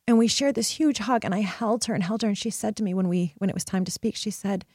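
A woman podcast host and life coach tells a personal story in an earnest, emphatic way. Her voice sits at a middle pitch and often checks in with the listener. It is recorded close and dry, with no room sound. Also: fast talker, darkish tone, husky, dry recording.

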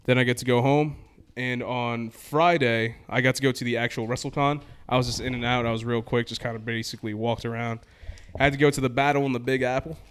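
A man rattles through a trip story at a quick clip, his voice smooth and clear. He talks casually and animatedly, slipping into the voices of people he met. He sounds like a podcast co-host chatting with friends. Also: mid-range voice. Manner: animated, acts out quoted exchanges with laughs.

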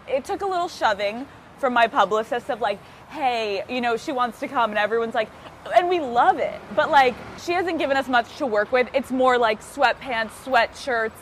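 A woman's voice: fairly high pitch, a bit bright, a little hiss or hum. A woman podcast host vlogging outdoors on city streets, bubbly, laughing often and swearing freely. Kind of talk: travel vlog, talking to camera.

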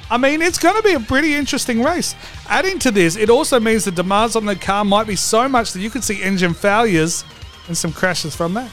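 A man's voice: high-pitched, fairly bright tone. A man hosting a comedic racing preview vlog, brash, profane and theatrical. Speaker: host.

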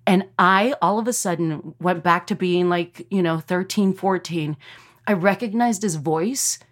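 A woman from Texas, a comedian telling a story in casual podcast chat, animated and full of fillers, acting out quotes. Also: on the low side, unhurried. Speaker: comedian guest.

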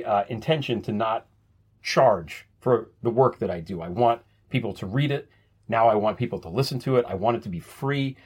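A man's voice: fairly low pitch, husky. A man hosting his own podcast, talking casually and chattily, often restarting his sentences. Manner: chatty, self-deprecating, repeats words when restarting. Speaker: podcast host.

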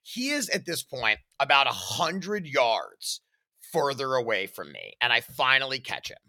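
A man telling a first-person story as a podcast host, animated and acting out his own shouts and sound effects. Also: medium pitch, unhurried.

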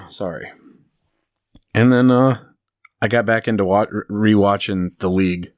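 A man's voice: fairly low pitch, slow pace. A man co-hosting a podcast in casual chat, rambling through stories and laughing at his own jokes. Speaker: podcast co-host.

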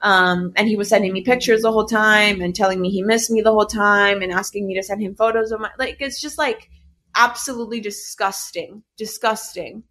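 A woman's voice: medium pitch, steady tone, brisk, bright, forceful tone. A young adult woman in casual chat, recounting a personal story candidly and heatedly, swearing often and leaning on filler words. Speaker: podcast co-host telling a personal story.

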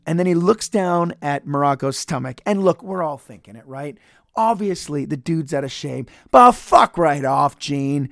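A man's voice: fairly high pitch, lively intonation, normal speed, creaky, a bit bright, dry recording, clean studio sound. A man reviewing a wrestling match in casual solo podcast commentary, profane, sarcastic and rambling.

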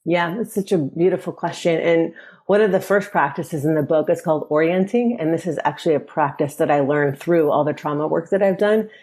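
A woman guest on a podcast interview, talking in a calm, reflective way as she gently guides the listener. Her voice sits very low and sounds mellow and soft. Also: a little fast, husky. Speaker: author and guest.

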